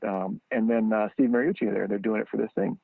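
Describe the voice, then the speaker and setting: A gravelly, fairly low-voiced man tells a long story down a tinny, phone-like line. The sound is dry and close. He breaks into sudden high-pitched bursts as he acts out the people he quotes. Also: a little fast, no echo. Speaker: guest, training football founder. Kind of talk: animated storytelling.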